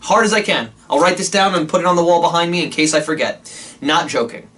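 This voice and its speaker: A man reviewing old wrestling shows in a casual, sarcastic rant, swearing often and jumping into high mocking quotes. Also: fairly quick, distant mic. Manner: animated, sarcastic, profane, jumps to high squeaky quotes.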